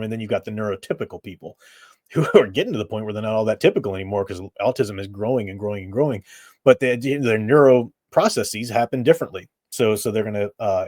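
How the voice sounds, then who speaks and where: A man's voice: lowish voice, darkish tone, no echo, clean studio sound. Blunt opinionated middle-aged man. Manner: blunt, opinionated, laughs at his own remarks. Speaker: live stream host. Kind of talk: casual opinionated chat.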